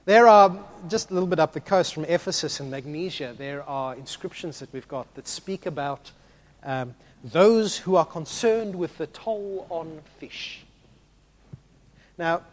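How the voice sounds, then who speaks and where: Animated high-voiced preacher. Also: male voice. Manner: animated, swings from hushed to loud, acts out voices. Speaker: pastor. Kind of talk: sermon.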